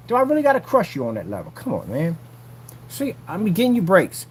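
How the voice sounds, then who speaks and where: Boastful man with a lively voice. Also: a little high, fairly quick, slightly rough. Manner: taunting, boastful, repeats himself. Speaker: vlogger selling projection screen paint. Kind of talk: casual on-site vlog.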